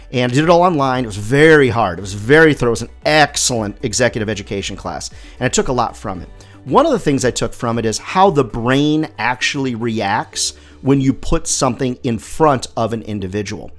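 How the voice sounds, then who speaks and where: A middle-aged man talks through listener questions as a sales coach, upbeat and chatty, with friendly self-deprecating asides. His pitch swings a lot as he talks, and faint music plays quietly behind him. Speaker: sales coach and show host. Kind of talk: solo Q&A podcast answering listener questions.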